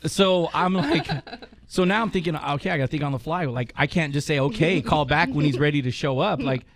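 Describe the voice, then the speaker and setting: A man's voice: a little high, fairly quick. A man hosting a casual chat, telling a long story with swearing and laughter. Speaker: podcast host.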